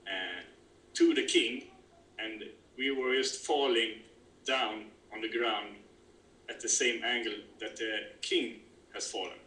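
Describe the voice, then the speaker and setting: A man with a Swedish accent, interviewed over a video call, speaking in a halting way with many fillers and restarts. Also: fairly low pitch, steady tone, bright, forceful tone. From Sweden. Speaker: interview guest, kubb player. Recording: roomy call audio with faint noise.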